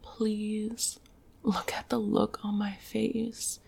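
A woman voicing a needy, teasing female succubus in a whispered role-play, with a breathy, coaxing whisper and soft moans. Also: medium pitch, monotone, very slow, full character voice. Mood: sultry.

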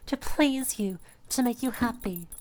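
A young woman voicing a submissive, adoring catgirl pet in an intimate audio role-play, breathy and pleading. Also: fairly high pitch, a little slow, darkish tone, natural voice. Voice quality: breathy, sighing. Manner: pleading, devoted.

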